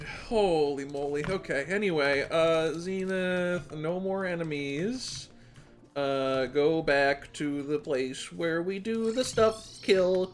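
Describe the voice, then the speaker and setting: A man giving casual, animated commentary to himself while playing a game, with sudden yelps and laughs. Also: fairly high pitch. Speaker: speedrunner streamer. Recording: faint music and keyboard behind.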